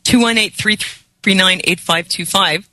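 A woman's voice: medium pitch, normal speed, sharp tone, low-quality recording. A woman hosting a call-in talk show, teasing her guest in playful banter.

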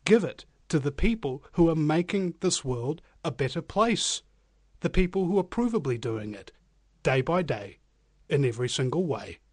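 A man's voice: a little high, lively intonation, moderate pace, darkish tone, no echo. A man hosting a live talk radio show, speaking energetically and emphatically straight to his listeners. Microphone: studio microphone.

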